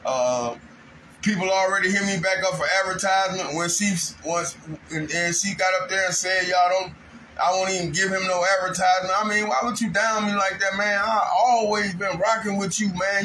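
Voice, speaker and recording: A man's voice: high-pitched, pushed and bright, slight background noise, low-quality recording. A man telling a rambling, aggrieved story in casual monologue at home, breaking into raised outbursts. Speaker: vlogger. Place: home kitchen.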